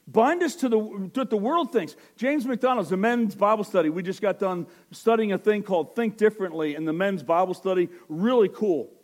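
A man's voice: high voice, moderate pace, few pauses. A man preaching a conversational sermon as pastor, acting out quoted prayers and sayings.

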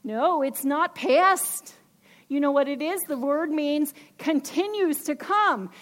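A woman's voice: high-pitched, expressive, takes it slowly, a bit bright. A woman preaching a sermon with emphasis, asking her listeners questions.

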